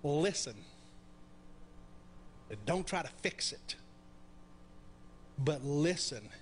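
A man's voice: high-pitched, a bit bright, a little hiss or hum. A middle-aged man preaching a conversational sermon, often checking in with the congregation with questions. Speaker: pastor. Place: church sanctuary.

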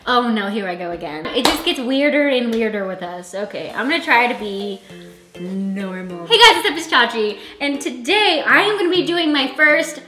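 This vlog host's voice is a little high, animated and a bit bright, at a normal speed. She's eating and chatting casually, wandering from topic to topic and laughing often, while a friend films on a camera in an echoey room with faint music playing.

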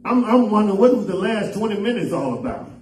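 A man preaching a sermon as pastor, swinging up and down in pitch and half-singing some phrases. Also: expressive, fast, darkish tone, a little hiss or hum. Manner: preaching with sudden rises and drops in pitch, half-sung phrases. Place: church sanctuary. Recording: echoey church room, voice from far off the mic.

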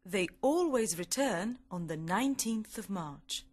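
A woman reading a children's story aloud for learners, clear, deliberate and expressive. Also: mid-range voice. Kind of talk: slow storybook narration for learners.

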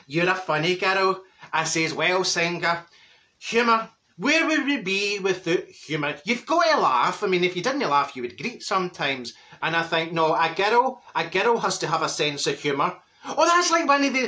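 A man's voice: high voice, pushed and bright. A man playing a chatty, cheeky older Glasgow woman with a Glaswegian accent, telling gossipy stories in a comic monologue and cackling at her own jokes. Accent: Glaswegian Scottish.

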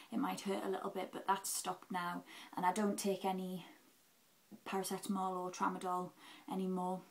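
In poor audio, a medium-pitched young woman from England talks openly about how her recovery is going. It's a relaxed health vlog, full of hesitations like "um" and little performed bits of dialogue.

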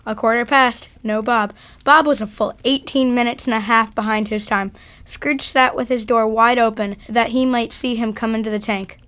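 A woman narrating a classic story in a measured, deliberate way at a church reading. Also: fairly high pitch, fairly even intonation, fairly bright tone, clean tone. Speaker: reader. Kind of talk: dramatic reading at a church event.

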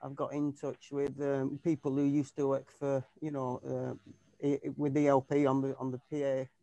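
A man who plays keyboards in a tribute band chats casually in a video-call interview, his mid-range voice warm but monotone, with vocal fry, at a normal speed and with no room sound. He rambles, restarts often, and uses plenty of fillers.

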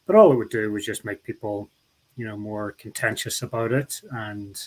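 A man's voice: lowish voice, normal speed, rough recording. A middle-aged man with a Northern Irish accent, a guest talking in a casual interview, rambling with many restarts and asides. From Northern Ireland.

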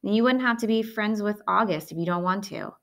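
A woman's voice: medium pitch, brisk, creaky, a bit bright. A woman reading aloud, voicing a smirking, needling schoolboy classmate. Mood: pushy. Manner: needling, pushy.

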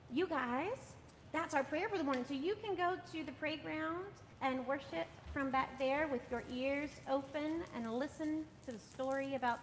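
A gentle woman with a high voice talks to children in a church sanctuary, coaxing them along and checking in often. Her voice trails off into a long reverb, with a faint rumble underneath. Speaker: children's sermon leader.

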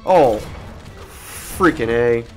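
A man's voice: mid-range voice, animated, extremely slow, faint music behind. An adult man hosting a let's play, telling a meandering, profane, jokey story while he plays. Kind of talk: rambling gaming commentary.

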